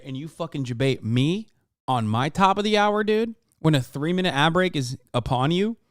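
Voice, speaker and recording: A man with a fairly high, smooth voice rants at his stream. He talks in heated, profane bursts and mocks the clips he reacts to. The sound is dry and close. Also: dry recording. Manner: heated, ranting, mocking. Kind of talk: casual profane livestream commentary.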